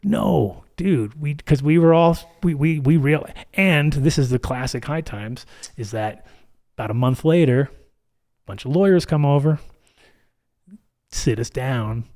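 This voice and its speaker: A man's voice: fairly high pitch, unhurried, pauses often, a little mellow. A man in his fifties, a podcast guest, telling a story in casual, profane speech and acting out other people's lines.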